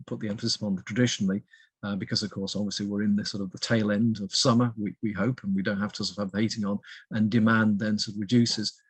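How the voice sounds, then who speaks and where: A man's voice: fairly low pitch, breathy edge, no room sound. A British man in his fifties, answering interview questions as an economist in a hesitant way, full of fillers. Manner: hesitant, heavy use of fillers like "sort of". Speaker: guest expert, economist.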